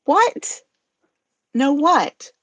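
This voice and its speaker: A woman's voice: high-pitched, very animated, drawn-out words, a bit bright, no room sound, voice pushed up, heavily acted. A woman voicing a flustered, exasperated woman who keeps firing back questions. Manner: exasperated, exclaiming. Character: shrill, flustered woman quick to exclaim.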